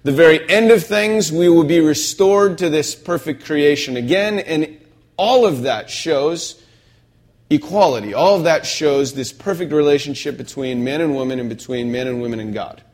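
A man's voice: fairly high pitch, moderate pace, a little mellow. A male pastor preaching a sermon in a conversational way, often checking in with the congregation.

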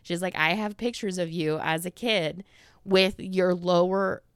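A woman's voice: fairly low pitch, a little slow, smooth, dry recording, clean studio sound. A woman in her thirties hosting a podcast, chatting in a rambling, casual way full of fillers and quoted asides, a little out of breath. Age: 30s. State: slightly out of breath. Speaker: podcast host. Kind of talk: casual monologue.

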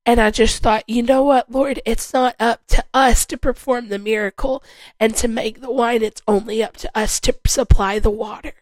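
A woman's voice: on the high side, darkish tone, no echo, poor audio. Earnest woman sharing a faith testimony. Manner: earnest, heartfelt, repeats phrases for emphasis. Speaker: podcast host.

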